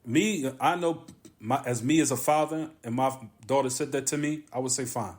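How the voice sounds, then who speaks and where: A man of middle pitch gives a religious lesson in a mosque. He talks with emphasis, circles back to repeat his key lines, and pauses between phrases. Arabic terms run all through his teaching. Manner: repetitive, emphatic, drawn-out pauses. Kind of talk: religious lesson on a classical text.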